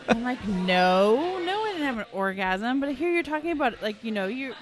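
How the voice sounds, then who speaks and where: A woman in her thirties from Wisconsin who co-hosts a casual podcast chat, chatty and quick with blunt follow-up questions. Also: fairly high pitch, big pitch swings.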